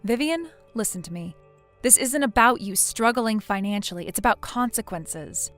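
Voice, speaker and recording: A woman's voice: medium pitch, lively intonation, moderate pace, fairly bright tone, faint music behind, close to an everyday voice. A woman voicing a blunt young female friend in a text-message story, lecturing firmly. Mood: stern. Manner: firm, lecturing.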